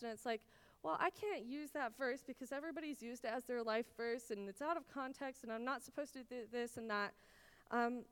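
A woman's voice: fairly high pitch, clean tone, in a large hall. A woman in her twenties from Israel, teaching a Bible study in an earnest, personal way with lots of "like"s. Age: 20s. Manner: earnest and personal, many "like"s, emotional at times.

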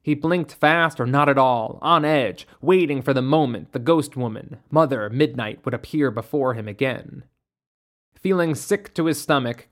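A narrator reading a ghost story in a measured, steady way. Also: medium pitch.

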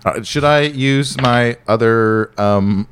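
A man's voice: mid-range voice, takes it slowly, a bit bright, a little hiss or hum. A man playing a tabletop game with friends, joking around and reacting expressively. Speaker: player. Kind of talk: casual tabletop game chat.

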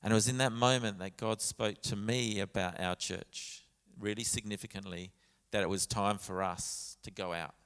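A man's voice: fairly low pitch, fairly even intonation, moderate pace, a bit bright, smooth. A man, a pastor telling a story in a sermon with quoted dialogue and frequent restarts. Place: church sanctuary. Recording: church hall with long reverb.

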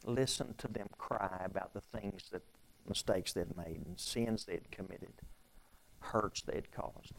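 A pastor preaching a sermon in a conversational way, with repeated phrases and strings of rhetorical questions. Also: male voice, sits low, slow pace, a little hiss or hum, poor audio.

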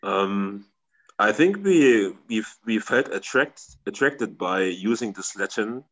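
Man, lowish voice, halting, searches for words, interview guest. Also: animated, a bit bright, dull audio. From Germany. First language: German. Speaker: guest, metal band member. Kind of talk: casual interview answers.

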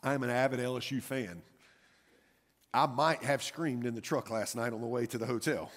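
A man preaching a sermon in a church, telling a story dramatically and swinging from loud urgency to hushed intensity. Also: mid-range voice, fairly even intonation, moderate pace. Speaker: pastor. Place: church sanctuary. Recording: long hall reverb.

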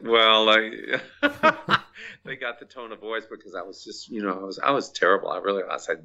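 A man's voice: lowish voice, huge pitch swings, a little slow, long pauses, pushed and bright. An older man reminiscing casually about his former restaurant staff, chatty and laughing often, with French words dropped in. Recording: dull lo-fi recording.

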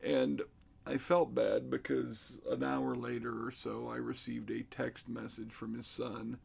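A man's voice: medium pitch, unhurried, vocal fry, darkish tone, husky. A middle-aged man telling a story casually, recounting conversations with an exasperated manner.

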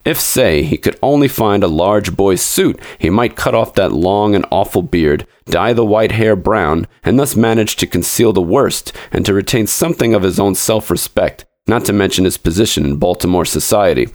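A man's voice: fairly low pitch, animated, normal speed, hardly any pauses, darkish tone. A man reading a classic story aloud as narrator, lifting his voice for the different characters. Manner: reads all parts, lifting his voice for the characters. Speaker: podcast story reader.

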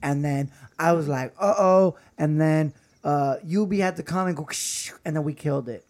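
A man playing a tabletop game, chatting casually with a jokey, excitable manner. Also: on the high side, moderate pace.

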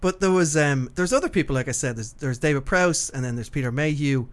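Male podcast host in loose, rambling conversation, with frequent swearing and easy laughter; slightly higher-than-typical voice. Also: a little fast. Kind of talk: casual chat.

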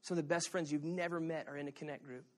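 A middle-aged male pastor preaching a sermon, telling stories with animated energy and shouting at the high points. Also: quick pace. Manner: animated storytelling, shouting at peaks.

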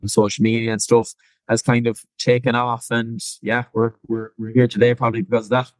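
Fast-talking young Irish man. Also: medium pitch, little pitch movement, no echo, poor audio. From Ireland. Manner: quick talker with many fillers. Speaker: guest, personal trainer. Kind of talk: casual podcast chat.

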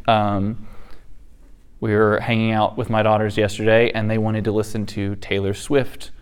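A man in his thirties giving a conversational church teaching, telling family stories with animated, laughing asides. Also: lowish voice, unhurried, clear, resonant tone. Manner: storytelling, animated, acts out quotes with laughter.

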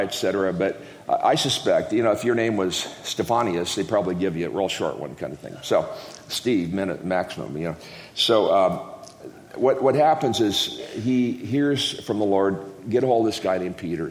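In an echoey church hall with long reverb, a man with a lowish voice preaches as a guest. His sermon is casual and jokey, rambling along as he interrupts himself with folksy asides, and there's slight background noise.

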